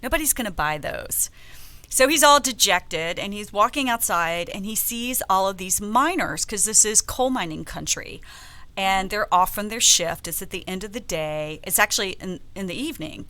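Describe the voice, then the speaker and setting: A woman from the American South hosting a casual radio talk show, telling stories with animated, playful asides. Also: mid-range voice, normal speed. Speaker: host. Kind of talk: casual radio chat, storytelling.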